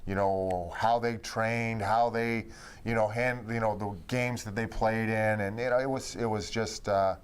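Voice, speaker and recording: A man with a fairly low voice looks back on his playing days. He talks in a loose, rambling way, padding his sentences with "you know" as he goes. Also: steady tone, unhurried, clean tone. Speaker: former teammate. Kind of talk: reminiscing conversation.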